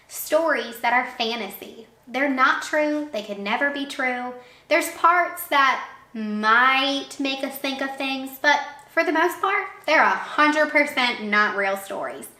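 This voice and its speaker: A woman teacher reading a storybook aloud with a bright, crisp tone and a pitch that swings widely. She takes her time, talking slowly and warmly, and asks her young listeners questions along the way. The room around her is echoey. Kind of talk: reading a picture book aloud to children.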